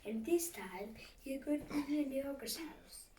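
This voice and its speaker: A woman reading a fairy tale aloud, often in a hushed whisper, with a dramatic manner. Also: high voice, animated, slow. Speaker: storyteller. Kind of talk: storybook narration, often whispered. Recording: echoey room, far from mic, faint hiss.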